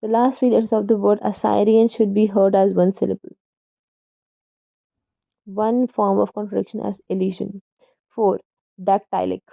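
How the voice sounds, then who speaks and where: A woman reads a poetry textbook aloud with a gravelly, creaky edge in her voice. She goes carefully and sometimes stumbles and corrects herself. The sound is dry and dull, like a lo-fi recording. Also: medium pitch, flat delivery, normal speed, pauses often, no room sound. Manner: careful reading with slips and self-corrections. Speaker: student reader.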